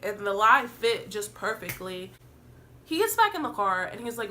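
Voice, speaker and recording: A young woman vlogger telling a wild story in a casual storytime vlog, animated and profane, acting out what people said. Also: mid-range voice, normal speed.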